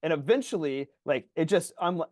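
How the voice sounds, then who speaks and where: A man co-hosting a podcast, telling stories in casual chat, swearing freely and loudly acting out his own thoughts. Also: on the high side, lively intonation, brisk, no room sound, studio quality. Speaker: podcast co-host.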